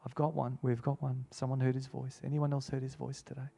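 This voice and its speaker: A man preaching a sermon and altar call, earnest and repetitive, slowing down to quote scripture. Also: medium pitch, flat delivery, gravelly, warm tone. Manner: earnest, repeats key phrases, slows for scripture.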